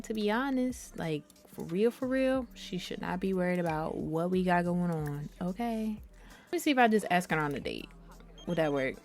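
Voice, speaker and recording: A young woman on YouTube narrates a let's-play in a fairly low voice at a moderate pace. Her commentary is casual, chatty and animated, aimed straight at viewers she calls y'all.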